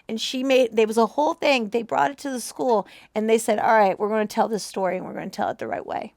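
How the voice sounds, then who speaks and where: Woman, fairly high voice, dry close sound, animated storytelling, emotional. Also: quick pace, creaky, no room sound. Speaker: movie reaction co-host. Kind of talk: casual storytelling chat.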